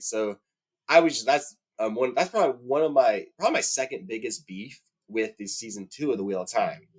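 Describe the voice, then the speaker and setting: A man talking casually and heatedly about a fantasy series, with lots of fillers, his voice climbing when he gets indignant. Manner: heated, rising to high-pitched indignation, many fillers. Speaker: book fan commentator. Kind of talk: casual rant about a TV adaptation.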